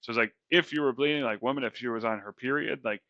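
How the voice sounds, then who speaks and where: A man's voice: medium pitch, fast, pushed and bright, no echo, dull audio. A man co-hosting a podcast, casually retelling Bible stories in a slangy, chatty way with lots of fillers. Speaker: podcast co-host.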